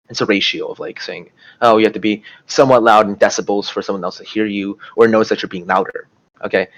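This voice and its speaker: Fast-talking young man explaining. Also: fairly low pitch, poor audio. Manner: rambling, filler-heavy, restarts often. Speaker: student tutor. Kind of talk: casual lecture to camera.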